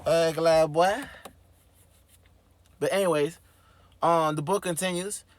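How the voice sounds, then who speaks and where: Animated slangy man reading aloud. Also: on the high side, slow pace. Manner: animated, slangy, swears freely. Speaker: host. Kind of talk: reading a book aloud with commentary.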